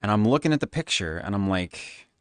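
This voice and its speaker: Man, flamboyant, tipsy, Valley Girl lilt, lively swooping pitch, dry close sound. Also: a little fast, dry recording. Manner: flamboyant, animated. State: tipsy from drinking. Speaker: streamer. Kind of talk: casual stream chat.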